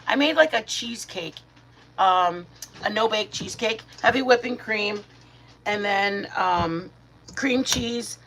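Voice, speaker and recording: A middle-aged woman from Michigan hosting a casual live stream, chatting with viewers by name and talking sweetly to her dogs. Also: measured pace. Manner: chatty, warm toward viewers, greets chat by name, talks to her dogs in a high baby voice.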